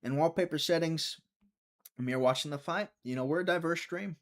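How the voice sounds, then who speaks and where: A man's voice: on the high side, brisk. A young man hosting a live fight-watching stream, chatty and teasing, reading viewer chat aloud.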